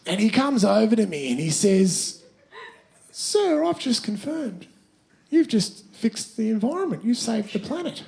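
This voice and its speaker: On a theatre stage, a stand-up comedian plays a crude, brash young Australian bloke, telling stories in character while swearing a lot, blustering and breaking off to laugh at his own jokes. His voice is high, sing-song and unhurried, with vocal fry, a darkish tone and heavily acted delivery.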